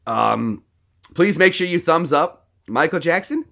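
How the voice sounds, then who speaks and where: A man's voice: a little high, animated, unhurried, vocal fry, sharp tone. A man casually chatting with his live-stream viewers between impressions, rambling and friendly. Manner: chatty, rambling, talks to chat.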